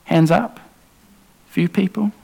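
Male preacher, high-pitched, earnest sermon delivery, urgent pleading tone. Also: fairly even intonation, takes it slowly, creaky, a little mellow, slightly rough, poor audio. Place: church.

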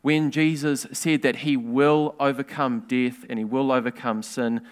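A man's voice: medium pitch, steady tone, clean tone. Resonant-voiced male preacher. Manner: earnest, measured preaching with rhetorical questions. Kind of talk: sermon.

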